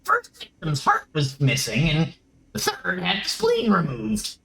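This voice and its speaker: A man's voice: sits high, wildly swooping pitch, a little slow, gravelly, fairly bright tone, reverberant, voice pushed up, full character voice, low-quality recording. A man voicing a small dwarf coroner with a dry, clinical, matter-of-fact delivery in a game playthrough. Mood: explaining.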